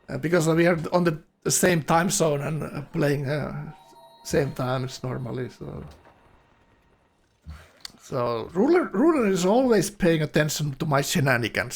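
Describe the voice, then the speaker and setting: A man's voice: on the high side, vocal fry. A man from Finland, casually commentating a strategy game, chatty and laughing often.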